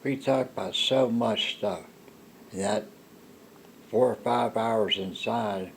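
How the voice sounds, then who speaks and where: Older man, low gravelly voice, very slow halting monologue, faint hiss behind. rambling personal storyteller. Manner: halting, with restarts and soft laughs. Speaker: storyteller recounting a personal encounter.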